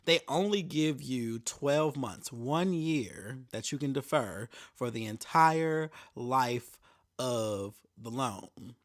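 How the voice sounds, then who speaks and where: A man's voice: mid-range voice, expressive, slow. A young adult man hosting a podcast, telling a story in a casual, profane rant and mocking the people he quotes. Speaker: podcast host.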